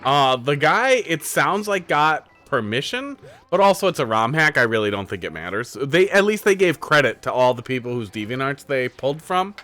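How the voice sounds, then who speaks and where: A man's voice: mid-range voice, big pitch swings, normal speed, hardly any pauses, sharp tone, soft background music. A man streaming live, playing viewer-made game levels and giving rambling, candid critique in a casual way.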